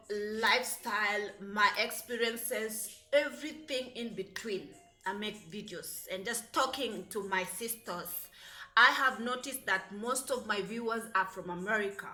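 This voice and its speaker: A woman talking in a casual, chatty vlog, sassy and animated, full of fillers, English not her first language, filming herself with a phone. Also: a little high. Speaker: vlogger. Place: apartment in the United Arab Emirates. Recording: echoey room, faint music.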